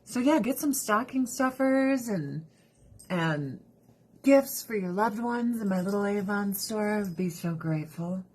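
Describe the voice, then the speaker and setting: Husky-voiced woman chatting bluntly. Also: mid-range voice, animated, unhurried, a little mellow. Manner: candid, blunt, swears freely, laughs often. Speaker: livestream host and Avon seller. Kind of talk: casual chat.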